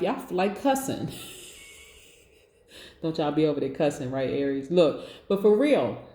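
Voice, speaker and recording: A woman's voice: on the low side, animated, normal speed, long pauses, dark tone. Upbeat woman reading tarot, echoey room. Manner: enthusiastic, chatty, encouraging. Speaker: tarot reader. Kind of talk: casual tarot reading to viewers.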